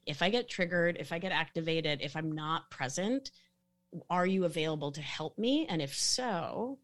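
A woman speaking calmly as a podcast guest, explaining with a gentle, sing-song inflection. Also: low-pitched, moderate pace. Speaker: guest expert on sex and the nervous system. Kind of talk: casual podcast chat.

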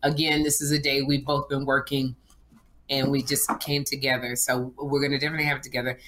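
A woman's voice: a bass voice, flat delivery, fairly quick, a bit bright. A woman co-hosting a podcast in casual chat, bubbly and rambling, laughing a lot. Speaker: podcast co-host.

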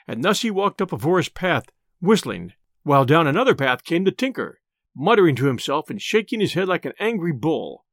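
A man reading an old tale aloud in an expressive, theatrical narration. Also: on the high side, brisk, no room sound, clean studio sound. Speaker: storyteller.

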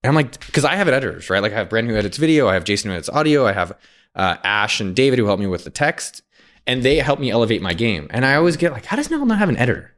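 Young male host, fast and expressive delivery, lowish voice, laughs easily. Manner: animated, asks probing questions, laughs often. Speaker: podcast host. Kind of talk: casual interview chat.

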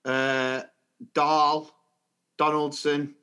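A man co-hosting a podcast in relaxed chat, teasing his partner with dry jokes. His voice sits fairly high for a man. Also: very slow, smooth. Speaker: podcast co-host, teacher. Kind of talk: casual chat.

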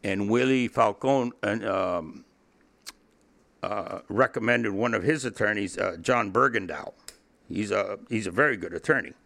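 A low, gravelly older man from Cuba tells his story as an interview guest. His voice is bright and forward despite its depth, and he talks bluntly, swears freely and keeps laughing between lines. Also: measured pace. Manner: blunt, profane, laughs often, repeats himself. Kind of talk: candid storytelling in a podcast interview.

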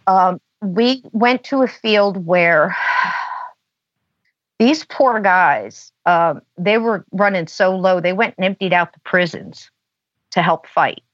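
A woman's voice: lowish voice, slow, no room sound. A woman guest on a podcast, telling a long story in a chatty way and saying "you know" a lot. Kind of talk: casual storytelling. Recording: dull lo-fi dry sound.

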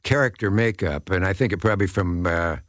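Older man, very low voice, dry close sound, reflective anecdotes, from Nebraska. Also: a little fast, a bit bright, dry recording. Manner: reflective, searching for names. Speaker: guest. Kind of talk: casual chat, anecdotes.

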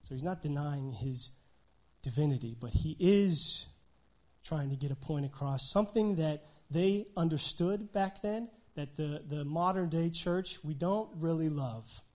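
A man preaching a sermon with a slightly high voice. He talks conversationally, tossing in frequent "right?" asides, and swings between loud emphasis and quiet, hushed remarks. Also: unhurried. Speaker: pastor.

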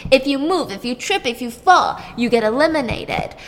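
A woman chatting casually as she retells a story, animated and chatty, often saying "like". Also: high-pitched, normal speed, big-room sound. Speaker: podcast co-host recapping a show. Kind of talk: casual chat, retelling a plot.

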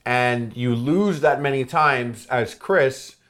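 A man hosting a casual podcast chat who reads game quotes aloud with quick impressions and laughs often. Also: mid-range voice, fairly bright tone. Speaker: podcast host.

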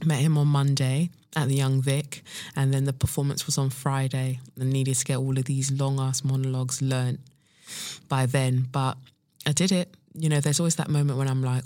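A woman's voice: very deep voice, steady tone, normal speed, a little mellow, no room sound, studio quality. A woman hosting a podcast in a casual solo chat, slangy and self-hyping, full of fillers. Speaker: podcast host.

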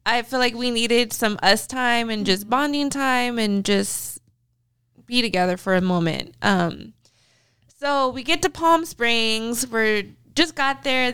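A woman's voice: fairly high pitch, a bit bright, clean tone. A young woman co-hosting a podcast, telling a story in casual chat and laughing often. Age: young adult. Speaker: podcast co-host.

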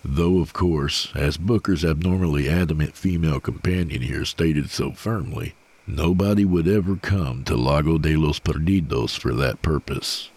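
A man reading a horror story aloud in a slow, measured, grim delivery. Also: extremely low pitch, darkish tone, breathy edge. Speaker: narrator.

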